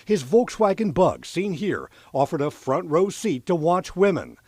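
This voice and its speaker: A male TV news reporter giving scripted, dramatic crime-story narration in a measured delivery. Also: on the high side, sing-song, dark tone, no echo, clean studio sound.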